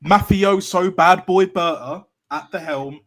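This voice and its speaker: A man's voice: high-pitched, a little slow, a bit bright. A man giving blunt, heated opinions and swearing freely in a casual fan chat. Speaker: podcast co-host.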